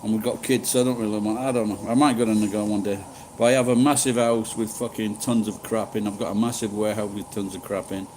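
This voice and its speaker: A man's voice: lowish voice, fairly even intonation, fast, hardly any pauses, darkish tone, a little hiss or hum, low-quality recording. A middle-aged man chatting casually with live-stream viewers, rambling and swearing freely. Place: living in Japan.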